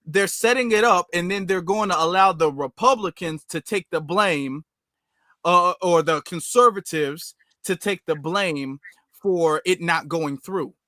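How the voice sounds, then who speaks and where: A man hosting a casual political discussion, talking in a sarcastic, quick way. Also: sits high, bright, forceful tone, dry recording.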